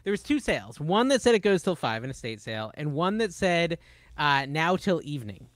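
Animated man telling a yard-sale story. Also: a little high, brisk, dry recording. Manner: animated, acts out other people's lines in his stories. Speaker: podcast co-host. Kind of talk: casual chat, storytelling.

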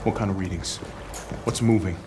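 An actor playing a soldier captain in a video game who gives curt orders and warnings. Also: male voice, low voice, a little fast, over music, close to an everyday voice. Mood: stern. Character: gruff commanding soldier captain.

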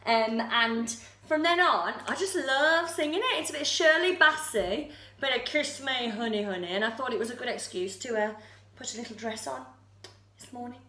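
A woman entertainer chatting brightly to her viewers before a sing-along, bubbly and full of little fillers. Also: fairly high pitch, lively intonation, moderate pace. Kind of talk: casual chat to camera. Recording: roomy echo with loud backing music. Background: loud music.

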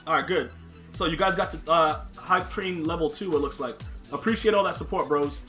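Over soft background music, a man with a slightly high, sharp voice speaks briskly while live-streaming a football video game. He talks brashly and casually to his chat, packing his commentary with slang and trash talk.

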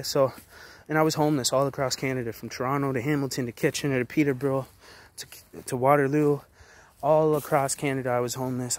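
A man in his twenties rants straight to the camera from a forest, his pitch sitting at an ordinary middle level. He swears constantly and fires off short, hard declarations in a confrontational, aggressive way. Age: 20s. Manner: aggressive, heavy swearing, rapid-fire declarations. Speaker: vlogger. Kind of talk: angry profane rant to camera. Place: outdoors in a forest.

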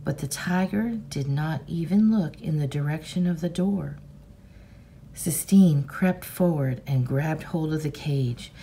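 Teacher lady reading a chapter book out loud, slow and low, bit of a crackly voice, faint hiss behind. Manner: measured, expressive storybook reading. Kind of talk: reading a novel aloud.

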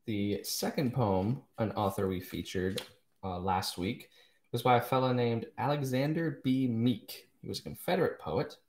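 At a moderate pace, a man with a medium-pitched, darkish voice reads and chats casually as host of a live poetry show on a stream. He corrects himself now and then and makes wry asides; the room echoes.

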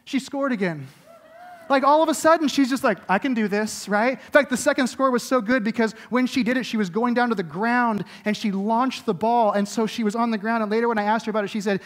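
A middle-aged man delivers a sermon as lead pastor in a rather high voice. He tells stories in a loose, chatty way full of asides, then drops into a soft, intimate tone for the message. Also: fairly quick. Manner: animated storytelling with many likes and rights; soft and intimate when preaching.

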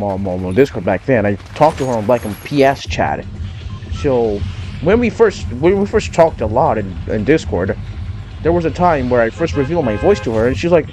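A man's voice: mid-range voice, darkish tone. A man streaming a game live, with a voice that sounds like a cowboy, muttering and swearing to himself and slipping into drawled mock-dramatic lines. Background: game music.

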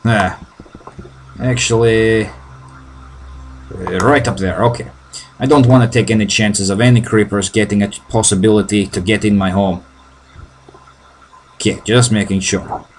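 A man's voice: lowish voice, fairly even intonation, measured pace, pauses often, a little hiss or hum. Joking man with a Russian accent. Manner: joking, with broken, hesitant phrasing. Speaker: gameplay commentator. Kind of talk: casual video game commentary.

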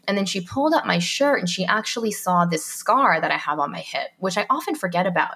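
A woman speaking as a podcast guest. Her voice sits a little low. She talks in a chatty, storytelling way, full of "um" and "like," and acts out what people said. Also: animated, brisk, gravelly, a bit bright, slightly rough. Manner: chatty storytelling, reenacts dialogue, frequent "um" and "like". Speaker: guest, mindset coach. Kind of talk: podcast interview.

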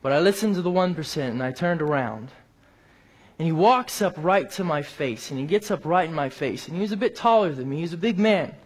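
A man preaching a sermon, telling a personal story and rising to emphatic peaks before dropping quiet. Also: on the high side, lively intonation, brisk.

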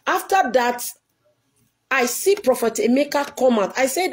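A woman's voice: high voice, expressive, a little slow. A woman, a church leader, giving an earnest, pleading video address to her followers and repeating herself often.

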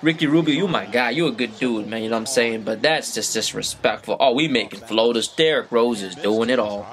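A man hosting a reaction video, talking live over sports highlights, excitable and slangy, yelling at the players on screen. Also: fairly quick. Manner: slangy street talk. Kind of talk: live reaction commentary while watching highlights.

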